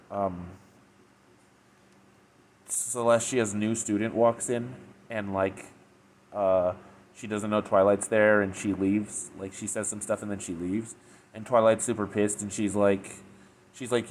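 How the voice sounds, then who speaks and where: A man with a somewhat low voice gives a loose, casual review, retelling the story off the cuff. He rambles, packs his talk with fillers and often restarts his sentences. A faint hiss sits under the voice. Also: little pitch movement, measured pace. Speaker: fanfiction reviewer.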